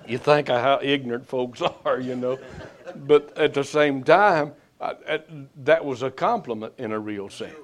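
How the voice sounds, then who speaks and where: A man preaching a sermon, swelling to loud emphatic peaks and then dropping low and slow.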